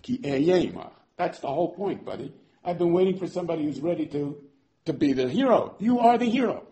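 A man giving voice to God as a blunt, reassuring figure who talks like a pal. The voice is fairly high-pitched but kept low-key here, with lively ups and downs. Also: brisk. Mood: encouraging. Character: God, casual encouraging divine voice, male.

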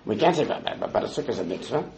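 A man's voice: mid-range voice, sing-song, racing, darkish tone, echoey room, a little hiss or hum, low-quality recording. A man leading a Talmud study class, explaining the text step by step and quoting Hebrew and Aramaic phrases. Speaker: Talmud teacher.

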